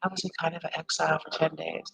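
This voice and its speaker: A woman's voice: sits low, flat delivery, very fast, vocal fry, sharp tone, poor audio. A woman in her forties hosting a live stream, talking candidly and ramblingly with viewers and swearing freely. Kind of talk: casual chat with viewers.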